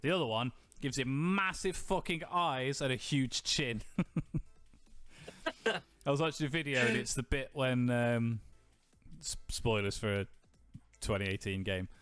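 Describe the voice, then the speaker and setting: Bloke cracking up on a podcast, swears a lot, dry close mic, faint music under it. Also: male voice, mid-range voice, measured pace, pauses often, fairly bright tone, clean tone, no room sound. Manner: laughs often, sweary and joking. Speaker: podcast co-host. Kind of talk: casual chat.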